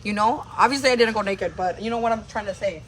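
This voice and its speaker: A woman's voice: medium pitch, fast, slight background noise. Rambling woman telling a story. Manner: rambling, heavy on filler words. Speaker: livestream host telling a story. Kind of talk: casual storytelling.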